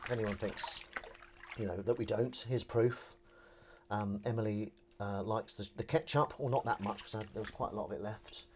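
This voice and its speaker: A man's voice: on the low side, moderate pace, noisy background. A man hosting a casual live stream from his kitchen sink, rambling chattily with self-mocking asides.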